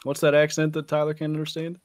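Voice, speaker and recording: A man's voice: on the high side, monotone, fast, no room sound. An American man co-streaming a game, chatting and teasing with dry jokes. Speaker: guest streamer. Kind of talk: casual gaming stream chat.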